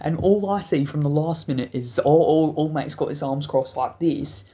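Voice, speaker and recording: A man's voice: a little high, moderate pace. A man telling a wild story in a storytime vlog, stuttering often and cursing freely. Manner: stuttering, profane, animated storytelling. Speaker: channel host.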